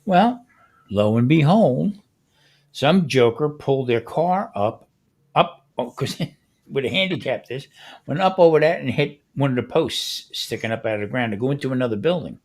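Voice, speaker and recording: A man talking on a relaxed podcast, with a voice in the middle range for a man. He tells stories with animation and slips into the voices of people he quotes. He speaks loosely and conversationally, in an easygoing back-and-forth with the others. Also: mid-range voice, moderate pace. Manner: animated storyteller who acts out the people he quotes. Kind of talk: casual podcast chat.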